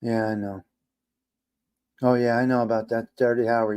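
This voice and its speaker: Middle-aged male livestream host, exasperated ranter, loud bursts and quiet mutters. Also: mid-range voice, moderate pace, clear, resonant tone. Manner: animated, exasperated ranting with swearing. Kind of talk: casual livestream talk reacting to chat.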